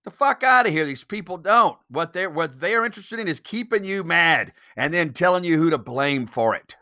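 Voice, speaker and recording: A man's voice: on the high side, expressive, normal speed, pushed and bright. A man hosting a solo podcast, talking bluntly and emphatically, swearing freely and firing off rhetorical questions. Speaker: podcast host.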